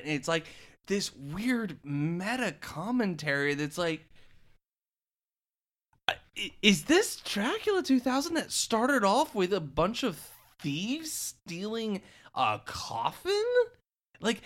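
Halting, stammering man co-host. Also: high-pitched, big pitch swings, fairly bright tone. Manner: halting, with lots of stammered restarts. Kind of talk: casual chat.

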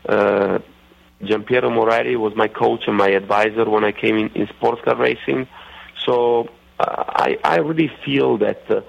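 Italian man, low gravelly lo-fi voice. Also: fairly even intonation. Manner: halting, many fillers and restarts. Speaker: racing driver guest. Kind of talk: radio interview. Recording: dull lo-fi radio audio.

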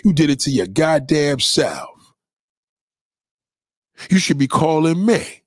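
A man's voice: a little high, very animated, slow, darkish tone, no echo, clean studio sound. A man delivering a heated, profane, confrontational rant straight to his audience, with repeated callouts.

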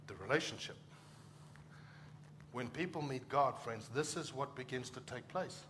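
A man's voice: medium pitch, a little fast, a bit bright, slight background noise. A middle-aged man from Africa, a pastor preaching a conversational sermon and acting out short quoted exchanges.

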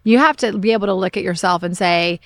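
A woman's voice: mid-range voice, fast talker, no echo. Middle-aged lady pastor chatting on a podcast, acts out her grumbling, dry close sound. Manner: lively storyteller, acts out her own grumbling. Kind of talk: casual podcast talk, testimony.

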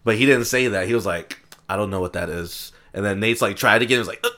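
A young man co-hosting a casual podcast, teasing and profane, quick to laugh. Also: fairly low pitch, sharp tone. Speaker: podcast co-host.

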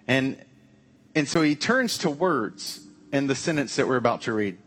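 A man's voice: medium pitch, lively intonation, moderate pace, fairly bright tone, breathy edge. A man preaching a conversational sermon, with frequent restarts and casual asides. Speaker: pastor.

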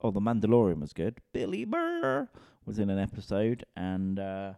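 Deep sweary man ranting casually. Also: big pitch swings, normal speed, hardly any pauses, mellow, dry recording. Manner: rambling, sweary, self-mocking. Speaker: comedian and podcast host. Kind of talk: casual solo rant.

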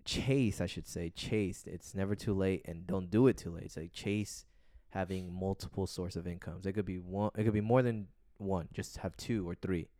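Deep-voiced man rambling casually. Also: darkish tone, dry recording, clean studio sound. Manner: rambling, laid-back, swears casually. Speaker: podcast co-host. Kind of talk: casual podcast chat.

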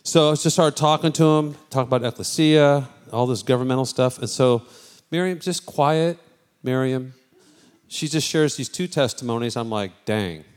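A man's voice: mid-range voice, normal speed, clean tone. A man pastor chatting casually with his congregation from the front, loose and spontaneous. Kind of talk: casual sermon talk.

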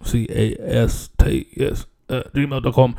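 A man's voice: mid-range voice, steady tone, slow, gravelly, dark tone. A middle-aged man hosting a comedy podcast, rambling casually in slang and profanity and laughing often.

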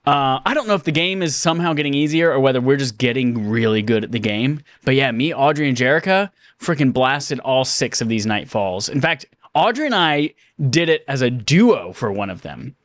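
A podcast co-host chats casually and laughs often, his medium-pitched voice animated at normal speed with hardly any pauses. The sound is clean studio quality with no room sound.

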